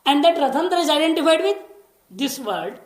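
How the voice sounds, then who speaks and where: A woman with a slightly high voice leads a scripture class, patiently explaining and repeating each key word, now and then slowly chanting a Sanskrit line. Her voice rings out in a roomy, echoey space. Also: sing-song. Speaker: scripture teacher. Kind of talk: lecture on scripture.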